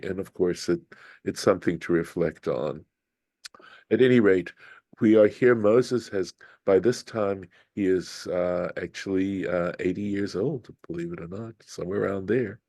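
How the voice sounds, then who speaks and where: An older rabbi teaches an informal Torah study at an unhurried pace, thoughtful and reflective, thinking aloud and often restarting to rephrase. His very low, mellow voice is recorded close and dry with no echo.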